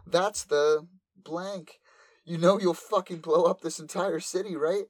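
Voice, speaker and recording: A man's voice: on the high side, very animated, a little slow, slightly rough, voice pushed up, exaggerated voice. A man voicing a brash, foul-mouthed female android girl who mocks and swears. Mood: scared. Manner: profane, mocking.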